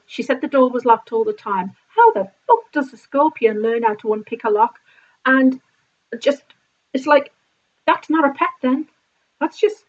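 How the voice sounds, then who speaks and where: Brief: indignant woman vlogger, swears freely while telling a story, slightly high voice. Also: darkish tone. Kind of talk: casual storytime vlog. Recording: slightly dull lo-fi sound.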